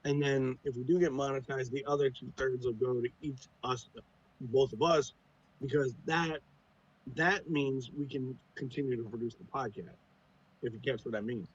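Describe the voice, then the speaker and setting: A man's voice: medium pitch, steady tone, normal speed, slightly rough, lo-fi sound. A man from the United States, a podcast guest, talking casually with a profane, teasing, joking manner. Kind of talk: casual chat.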